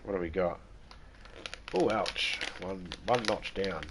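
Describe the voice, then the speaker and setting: An Australian man with a low voice streams a game, speaking slowly over a noisy background. His casual chat is joking and irreverent, with plenty of swearing.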